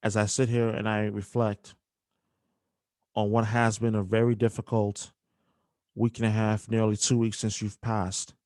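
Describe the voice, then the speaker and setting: A young man hosting a podcast, speaking emotionally with halting restarts and apologies. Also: fairly low pitch, flat delivery, darkish tone, dry recording, clean studio sound. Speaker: podcast host. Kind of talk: emotional podcast dedication and interview.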